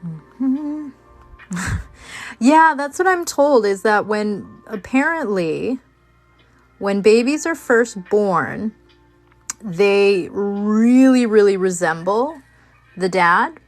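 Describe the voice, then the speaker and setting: A woman's voice: mid-range voice, expressive, drawn-out words, long pauses, faint music behind. A woman hosting a crafting video, chatting casually while she works, rambling with lots of fillers and restarts. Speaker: crafting channel host.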